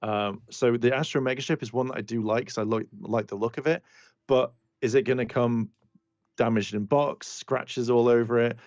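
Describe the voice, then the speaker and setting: A man's voice: medium pitch, steady tone, moderate pace, a little mellow, dry recording. Wry man, dry close sound. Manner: wry, self-deprecating grumbling. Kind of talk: casual livestream chat.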